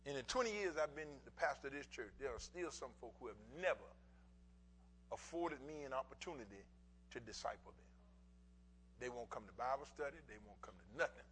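A middle-aged male pastor preaching a sermon in folksy bursts, repeating words for emphasis and swinging from quiet asides to shouts. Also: medium pitch, lively intonation, fairly quick, a little hiss or hum, poor audio.

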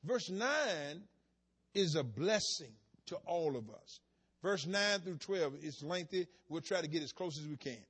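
A man preaching a sermon, swinging between soft conversational asides and sudden shouted, rising emphasis. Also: a little high, lively intonation, a little slow, breathy edge. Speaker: pastor.

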